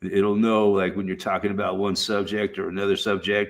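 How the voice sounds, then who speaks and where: A man's voice: lowish voice, a little fast, few pauses, a bit bright. A man streaming, chatting casually in a rambling, profane way with frequent fillers. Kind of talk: casual chat.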